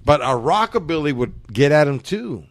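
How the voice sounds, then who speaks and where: A man's voice: a little high, very animated, moderate pace, dry recording, studio quality. A man hosting a podcast, telling profane, slang-heavy stories in casual chat. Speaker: podcast host.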